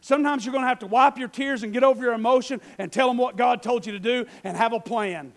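Preacher guy with a really high voice, fired up and folksy, keeps repeating lines. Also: fast. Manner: fervent, repetitive, breaks into shouting; folksy, conversational asides. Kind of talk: sermon.

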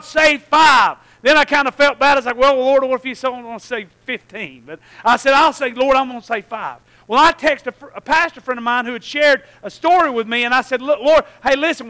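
A male preacher telling a story in a sermon, swinging from hushed asides to shouted prayers. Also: extremely high pitch, poor audio.

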